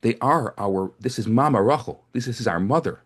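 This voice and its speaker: A rabbi gives a storytelling sermon to a live group, speaking a little fast in a mid-range voice. His delivery is loose and chatty, marked by frequent restarts and repetitions.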